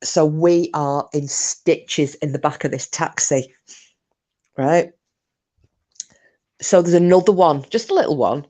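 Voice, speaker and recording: A woman's voice: sits low, slow pace, pauses often, mellow. A British woman hosting a casual livestream, telling rambling stories and breaking into giggles while reading out comments. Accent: British English. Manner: giggly, rambling storyteller who breaks into laughter. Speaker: livestream host.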